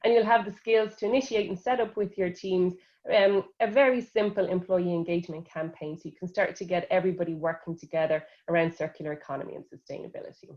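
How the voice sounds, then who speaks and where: A woman presenting a training course in a steady, clear manner. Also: fairly low pitch, quick pace. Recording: dull, muffled audio.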